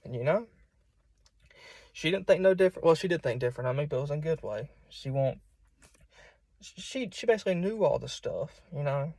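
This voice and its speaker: A man's voice: fairly high pitch, lively intonation, brisk, gravelly, pauses often, darkish tone, no echo. A man giving an informal sermon in an earnest, plain-spoken way. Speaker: preacher.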